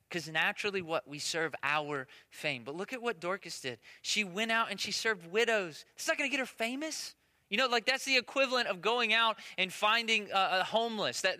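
A man's voice: high-pitched, bright, forceful tone. A man in his thirties preaching a conversational sermon, often checking in with "right?" asides. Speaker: pastor. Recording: long echo of a large hall.

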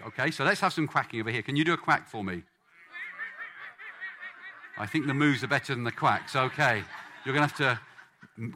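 A man's voice: medium pitch, slight background noise. A man preaching a sermon, playfully coaxing the congregation to join in. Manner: lively, playful, coaxing the crowd.

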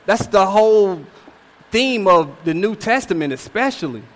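A young man in his twenties delivers a sermon with a high, lifted voice, driving his points home with repetition and a recurring "all right?". His words ring out with a long reverb through a church sanctuary. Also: animated, moderate pace. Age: 20s. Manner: emphatic, repeats phrases with rhetorical "all right?". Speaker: preacher.

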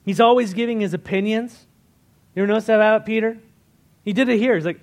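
Man preaching a casual, lively sermon. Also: sits high, fast talker. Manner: conversational, asks the congregation questions; animated, retells scripture in everyday words. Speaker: pastor.

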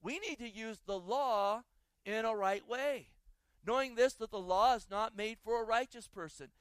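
A man preaches a sermon in a high voice, reading scripture and turning to the congregation with rhetorical questions. The sound is dry and close, with no room echo. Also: moderate pace, fairly bright tone, smooth. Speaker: pastor.

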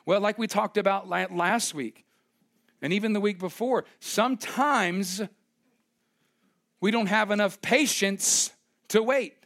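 A man's voice: high voice, a little slow, long pauses, a bit bright. A young man preaching a sermon as pastor, conversational and emphatic, joking with his congregation.

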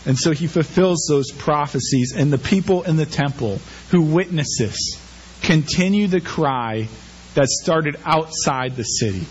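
Man preaching, animated, higher-pitched. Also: a little slow, slightly rough, highs cut off. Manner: animated preaching with rhetorical questions. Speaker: pastor. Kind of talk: sermon.

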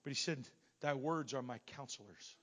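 A middle-aged man preaching a Pentecostal sermon in a church, his volume surging and sinking as he builds to near-shouts. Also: medium pitch, moderate pace, soft background music. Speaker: pastor. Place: church sanctuary.

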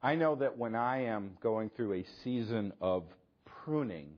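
Husky-voiced man preaching a sermon. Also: mid-range voice, lively intonation, a little slow, lo-fi sound. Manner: preaching with rhetorical questions, swinging from loud to hushed. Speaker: pastor.

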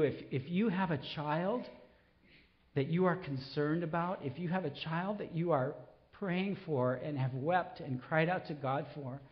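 A middle-aged man preaching a sermon, pleading and impassioned, then soft and reflective. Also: on the high side, muffled recording. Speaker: pastor.

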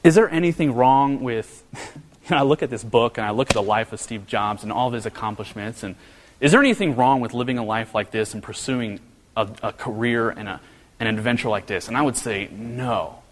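A man preaching a sermon, earnest and storytelling, his pitch rising when he gets animated. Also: brisk. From American Midwest. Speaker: pastor. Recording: long hall reverb.

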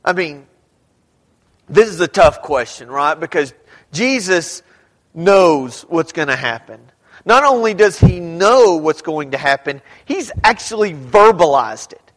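A man preaches a sermon in a conversational way, throwing questions out to the congregation. His voice sits high and he takes his time, and at points he climbs up into a shout. The sound carries a long reverb from the church hall around him. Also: lively intonation, measured pace. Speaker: pastor.

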